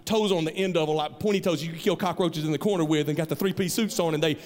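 Male pastor, high-pitched, earnest conversational sermon, long hall reverb. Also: fairly even intonation, fast, a little mellow. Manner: earnest, conversational, repeats himself. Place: large church hall.

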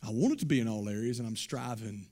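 A man's voice: medium pitch, lively intonation, fast, dark tone. A man preaching a sermon as a pastor. He delivers it with emphatic, rising exclamations and frequent repetition.

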